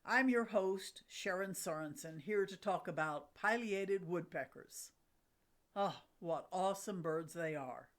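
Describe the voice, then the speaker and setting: Woman host, middle-aged, unhurried and enthusiastic, scripted nature narration. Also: lowish voice. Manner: enthusiastic, with a light laugh. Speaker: host of a bird watching channel.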